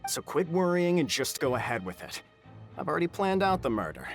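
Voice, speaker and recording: A man's voice: on the high side, very animated, a little fast, soft background music. An actor playing a smug, cold male conspirator in a video game, dismissive and calculating. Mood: scheming.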